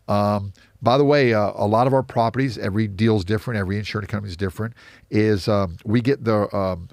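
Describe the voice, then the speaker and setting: A man from the United States, an interview guest who tells lively anecdotes full of quoted dialogue. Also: lowish voice, gravelly, dry recording. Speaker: real estate investor guest. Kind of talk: storytelling interview.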